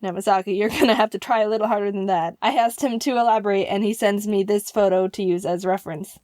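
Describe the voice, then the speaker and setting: A young adult woman narrating a comedic animated story in an excitable, self-mocking way. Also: mid-range voice, fast talker, no echo, studio quality.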